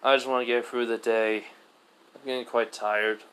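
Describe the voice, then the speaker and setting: A man's voice: mid-range voice, flat delivery, moderate pace, a bit bright, clear, resonant tone, natural voice, low-quality recording. A man voicing a weary, earnest young male hero student who lectures at length.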